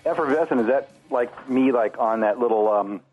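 A man's voice: medium pitch, normal speed, faint music behind. Weather guy calling in, rambly and playful, thin tinny phone sound. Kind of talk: casual on-air banter.

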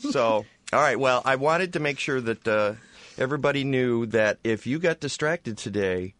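Casting: male radio host, animated pitch, easygoing chat. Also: no room sound. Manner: lively, halting with fillers and restarts.

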